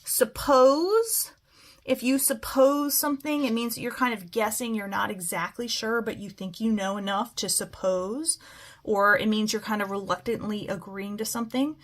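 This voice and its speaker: Woman teacher slowly modeling phonics words. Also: mid-range voice, a bit bright. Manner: slow, stretched-out word modeling. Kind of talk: phonics lesson for children.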